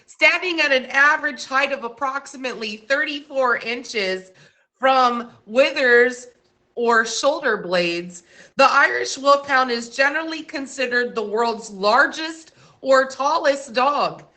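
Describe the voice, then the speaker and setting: A woman's voice: high voice, unhurried, sharp tone. A woman hosting a live-stream trivia quiz, asking questions and reading out facts in a chatty way, with small slips along the way.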